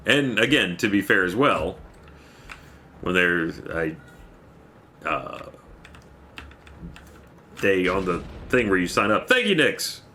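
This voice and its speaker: A man's voice: low-pitched, slow pace, long pauses, bright, forceful tone, slight background noise. A man livestreaming a game, chatting casually, rambling and thanking viewers by name as he plays. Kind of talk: casual chat while playing a game.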